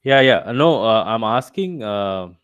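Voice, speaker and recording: A man's voice: fairly low pitch, lively intonation, measured pace, fairly bright tone, clean tone, dry recording, dull audio. A man teaching a live online revision session, explaining step by step and checking with his students as he goes. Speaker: instructor. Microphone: video call.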